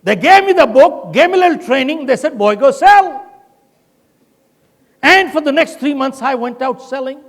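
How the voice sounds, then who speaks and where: A man's voice: very high-pitched, animated, a little fast, few pauses. An older man giving a motivational keynote speech, telling a story with acted quotes. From India. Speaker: keynote speaker. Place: large conference hall. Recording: long hall reverb.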